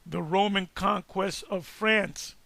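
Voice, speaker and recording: Gravelly high-voiced man lecturing emphatically. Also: fairly even intonation, pushed and bright, dry recording. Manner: emphatic, halting, with many restarts. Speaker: online teacher. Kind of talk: casual lecture reacting to search results.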